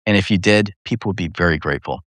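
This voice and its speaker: A man quoting a calm, matter-of-fact male rural doctor in a quieter, unbothered voice. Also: low-pitched, fast talker, dry recording, studio quality.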